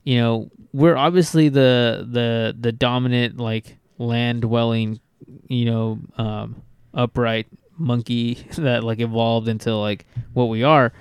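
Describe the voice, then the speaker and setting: A man's voice: medium pitch, fairly even intonation, slow, smooth, no echo. A man co-hosting a podcast in casual chat, rambling and swearing with lots of restarts. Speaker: podcast co-host.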